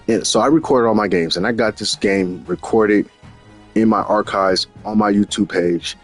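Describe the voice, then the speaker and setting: A man with a low voice tells a loose, animated story about his games. He curses freely and circles back over the same words. Faint music sits under him. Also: moderate pace. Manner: animated, profane, repeats himself. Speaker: gaming channel host. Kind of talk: casual storytelling recap.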